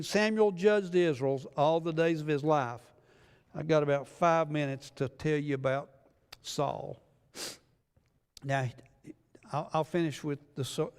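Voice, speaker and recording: Folksy preacher in a reverberant church. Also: male voice, on the high side, smooth. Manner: folksy storytelling, acts out biblical voices. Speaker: pastor. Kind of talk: sermon. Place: church sanctuary.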